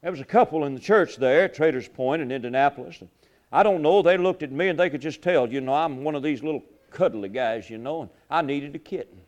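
A middle-aged man preaching a sermon, swinging from loud, fervent lines to hushed ones and repeating his phrases. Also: a little high, fast. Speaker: pastor.

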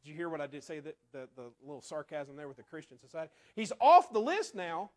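A man preaching a sermon in a conversational way, asking the congregation rhetorical questions and often dropping to quiet asides. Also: fairly high pitch, animated, fast talker.

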